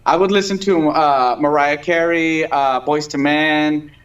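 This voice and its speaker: A man in his thirties talks in a casual interview, rambling through fillers and restarts. His voice sits a little high for a man. The sound is dull and lo-fi, like a streamed call. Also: steady tone, unhurried, fairly bright tone. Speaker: guest singer.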